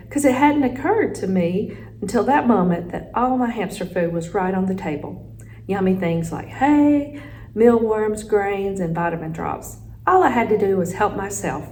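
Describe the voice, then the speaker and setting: A woman reads a children's chapter book aloud, telling the story expressively at a middling pitch. Faint noise sits under her voice. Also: a little mellow, poor audio. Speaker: teacher reading aloud.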